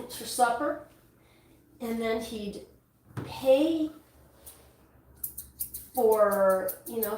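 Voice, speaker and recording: A woman's voice: mid-range voice, darkish tone. A woman, a dog groomer chatting casually and rambling with many restarts while she works in a grooming salon. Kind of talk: casual chat while working. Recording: echoey room, distant mic, faint noise.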